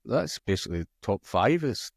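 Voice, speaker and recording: A man's voice: on the low side, normal speed, creaky, dry recording, studio quality. Easygoing man co-hosting a darts chat. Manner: relaxed, chuckles often, reads out match results. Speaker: co-host of a darts podcast. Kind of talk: casual chat.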